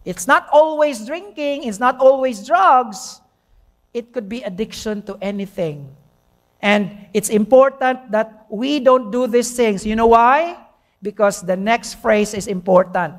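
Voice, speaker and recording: A middle-aged woman from the Philippines with a Filipino Cebuano accent preaches a sermon in a mid-range voice. She teaches by posing questions and answering them herself, sometimes slipping into Cebuano.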